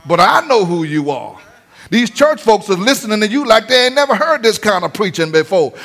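High-voiced preaching man, sing-song shouts. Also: big pitch swings, a little fast, creaky. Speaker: pastor. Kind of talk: sermon.

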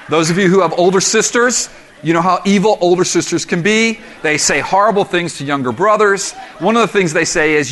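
Lively, animated middle-aged male pastor. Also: sits high, brisk. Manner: animated and conversational, with humor and self-deprecating stories. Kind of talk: sermon.

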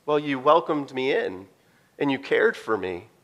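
A man's voice: mid-range voice, very animated, a little slow, highs cut off. A man voicing Nathaniel, an embarrassed disciple speaking awkwardly about his past. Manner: awkward, self-conscious.

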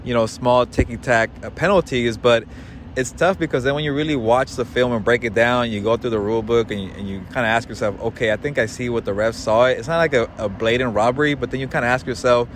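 A man co-hosting casual sports analysis, weighing each call in a measured, hesitant way full of fillers. His voice sits mid-pitch, and street traffic and car sounds are plainly audible behind him. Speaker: co-host.

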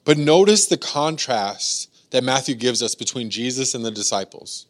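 A man's voice: mid-range voice, expressive, normal speed. A man preaching as a pastor in a casual, talky way, full of "like" and acted-out voices. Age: adult, has daughters. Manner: conversational, filler-heavy, acts out voices. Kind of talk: casual youth sermon.

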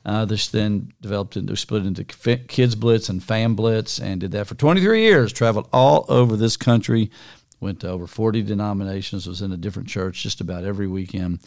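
A man's voice: lowish voice, a little fast, darkish tone. An older man co-hosting a podcast, talking in a folksy, teasing way. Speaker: podcast co-host. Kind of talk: casual podcast chat.

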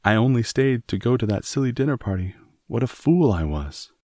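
A man's voice: low-pitched, lively intonation, moderate pace, mellow, breathy edge, no room sound, clean studio sound. A man voicing a scared, fragile young colonial lady who pleads frantically, in an audiobook reading. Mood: self-reproaching. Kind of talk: audiobook character voice.

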